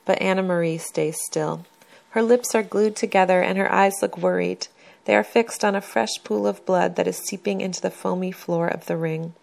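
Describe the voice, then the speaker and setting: A woman reading her own first-person memoir aloud in a measured, even storytelling manner. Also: lowish voice, vocal fry.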